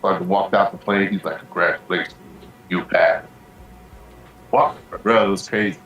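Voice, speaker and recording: A man's voice: low voice, normal speed, a bit bright, roomy sound, lo-fi sound. A man co-hosting a podcast, telling a long story casually, swearing freely and peppering it with "bro". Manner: profane, rambling storytelling with lots of "bro". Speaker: podcast co-host.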